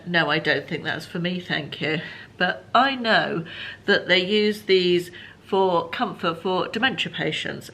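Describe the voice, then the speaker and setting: A woman's voice: lowish voice, sharp tone. A woman in her fifties from England, chatting to camera in a casual home vlog with frequent ums and asides. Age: 50s. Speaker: vlogger.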